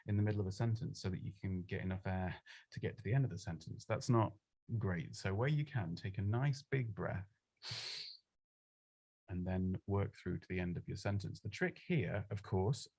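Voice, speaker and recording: A man answers presenting questions in a relaxed, self-mocking way, often restarting his sentences. His voice sits on the lower side and sounds close and dry, with no room around it. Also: no echo. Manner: chatty, self-deprecating, frequent restarts. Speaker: presenting coach. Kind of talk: casual live Q&A advice. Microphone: close studio microphone.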